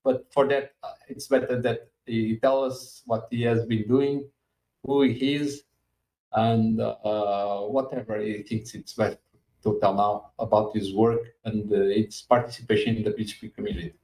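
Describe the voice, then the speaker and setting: Podcast host, man, 50s, mellow and halting, distant mic, roomy echo. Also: lowish voice, steady tone. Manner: halting, with many fillers. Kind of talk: casual podcast interview. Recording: echoey room, far from mic.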